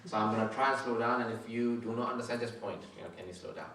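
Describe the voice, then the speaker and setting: A male scholar lecturing a live audience in a very echoey hall, recorded from a distance. He explains point by point, pausing to ask whether everyone is following. His voice sits at an ordinary middle pitch. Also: level tone, fairly bright tone, a little hiss or hum. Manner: explanatory, checks audience understanding often; says he usually speaks very fast. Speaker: Islamic scholar giving a lecture. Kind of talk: religious lecture with audience questions. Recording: echoey hall, mic far off.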